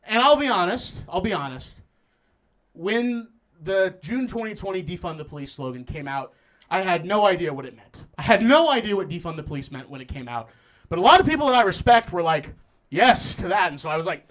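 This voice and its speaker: A young man's high voice swings widely in pitch, fairly bright and a little fast, as he delivers a stand-up set on a comedy club stage to a live audience. He acts out voices and laughs through his lines.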